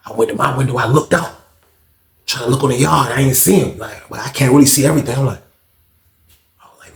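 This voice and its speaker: A man telling a story in a casual, animated, slangy way, acting out the scenes. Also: on the high side, brisk, gravelly, reverberant.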